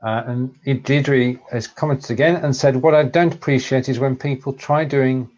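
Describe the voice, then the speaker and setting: A man's voice: mid-range voice, steady tone, moderate pace, darkish tone. Man hosting a lo-fi live stream. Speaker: co-host of a live video show. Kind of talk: casual live-stream chat.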